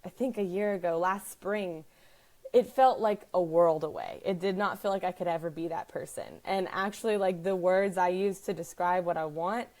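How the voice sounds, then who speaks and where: A woman's voice: lowish voice, moderate pace, a little mellow. A woman talking to viewers on a live stream in a casual, earnest, chatty way, with many fillers. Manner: chatty, earnest, heavy use of "like". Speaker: wellness business owner hosting a live stream.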